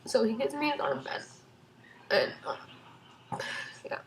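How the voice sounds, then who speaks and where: Excited young woman rambling through a storytime. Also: sits high, takes it slowly, creaky, slight background noise, poor audio. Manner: excited, rambling with many fillers. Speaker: vlogger. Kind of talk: casual storytime vlog.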